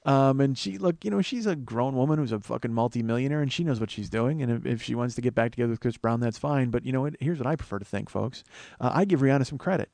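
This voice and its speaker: A man's voice: medium pitch, quick pace, vocal fry, darkish tone, dry recording. A man in his forties hosting a comedy podcast alone, rambling through profane, self-mocking asides. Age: 40s. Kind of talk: solo comedic monologue.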